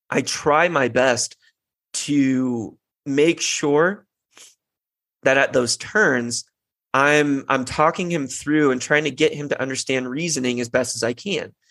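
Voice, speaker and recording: A man's voice: medium pitch, creaky, fairly bright tone, no room sound. A young man hosting a parenting podcast, talking earnestly in a reflective casual monologue, with frequent restarts and fillers. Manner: earnest, many restarts and "you know" fillers.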